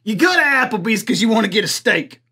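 A man doing a loud crude redneck. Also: high voice, sing-song, quick pace, slightly rough, full character voice. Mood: crude storytelling. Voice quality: drawling, coarse, laughs at own jokes. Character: crude rural Southern man, blunt, loud-mouthed. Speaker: comic commentator persona. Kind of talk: improvised comedy character.

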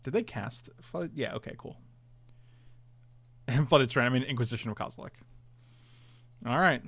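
A man's voice: medium pitch, normal speed, gravelly, a bit bright, breathy edge. A man casually commentating his own online card game, chatty and self-mocking, groaning at his bad draws.

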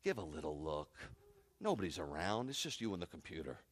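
A man doing a low, wheedling devil. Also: big pitch swings, brisk. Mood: coaxing. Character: the devil, a coaxing male tempter spirit.

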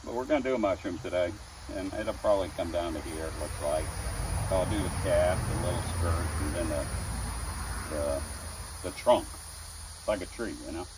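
A man's voice: low-pitched, normal speed, pauses often, distant mic, background noise. A middle-aged man, a chainsaw woodcarver, telling chatty folksy stories with chuckles as he demonstrates his craft. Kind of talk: casual storytelling demo.

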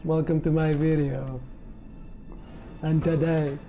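A man with a slightly high voice talks at a normal pace over game music, and the recording sounds lo-fi. He's a gameplay commentator doing casual, profane let's-play commentary, reacting as he plays a video game.

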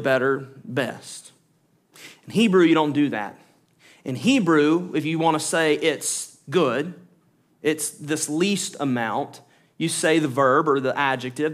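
A man's voice: a little high, a bit bright. A male pastor preaching a verse-by-verse sermon, explaining points to the congregation and repeating words for stress.

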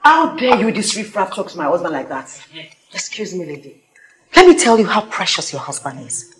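A woman's voice: on the low side, very animated, moderate pace, a crowd in the background. Vengeful Nigerian woman, echoey room. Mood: accusing. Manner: cutting, accusing. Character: grim vengeful young woman confronting a liar. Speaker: sister avenging her late sister.

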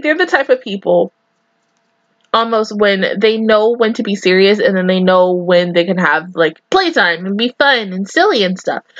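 A woman's voice: mid-range voice, a bit bright, no echo, muffled recording. A young woman hosting an anime reaction, gushing and giggling through casual commentary full of "like" and "oh my god".

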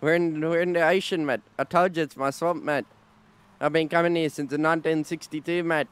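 A man's voice: a little high, fairly even intonation, fairly quick, clear, resonant tone. A man roleplaying a character in an online game, brashly taunting another player and ending nearly every line with "mate". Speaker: streamer playing a roleplay character.

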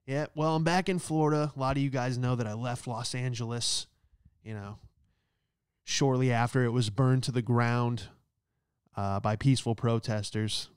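A male comedian in the middle of a stand-up monologue, sarcastic and rambling, checking in with a steady "all right?" His voice sits at an ordinary pitch with a smooth, resonant clarity. It is recorded dry and close, with no room sound. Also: moderate pace, no echo. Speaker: comedian host.

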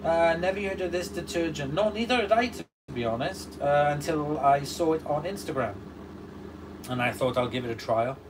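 A man's voice: fairly high pitch, normal speed. A man hosting a casual livestream, reading out viewer comments and answering them beside a running washing machine. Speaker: livestream host. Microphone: distant mic. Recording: distant mic with steady background noise.

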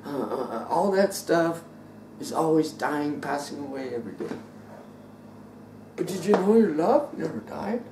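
Preacher, male, unhurried and theatrical, heard from a distance in a reverberant church hall. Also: a little high, slight background noise. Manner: dramatic, swings between loud outbursts and quiet asides; acts out biblical characters in voice. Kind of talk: sermon. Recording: roomy echo, distant mic.

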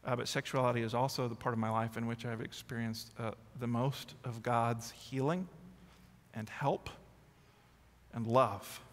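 A man's voice: medium pitch, fairly even intonation, a little slow, long reverb tail. A male lead pastor preaching a sermon, mixing self-deprecating humor with earnest confession.

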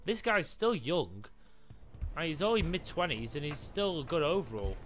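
A young man commentating his football game, swearing and shouting in frustration. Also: on the high side, big pitch swings, moderate pace, soft background music. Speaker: gaming YouTuber. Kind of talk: raging gameplay commentary.

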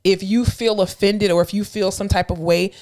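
A woman's voice: medium pitch, fairly even intonation, darkish tone. A woman in her thirties, a podcast co-host, telling blunt, profane workplace stories in casual chat. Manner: blunt, fast-talking storyteller, profane and emphatic. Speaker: podcast co-host and clinical instructor.

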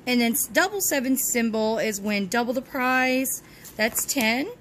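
Scratching lottery tickets at home with dogs close by, a woman from Texas chats cheerfully to her channel's viewers and chants encouragement. Her voice runs on the high side, a little slow and fairly bright, with a faint hiss or hum.

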